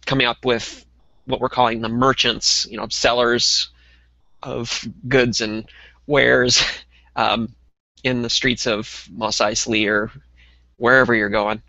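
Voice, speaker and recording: Bright-voiced man hosting a podcast. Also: mid-range voice, slow pace, vocal fry, dry recording, muffled recording. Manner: relaxed, many ums and uhs. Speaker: podcast co-host. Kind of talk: casual podcast chat.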